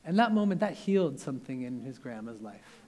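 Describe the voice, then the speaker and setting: A man's voice: medium pitch, big pitch swings, brisk, darkish tone. A young man preaching a sermon in an earnest, conversational way, often restarting his sentences.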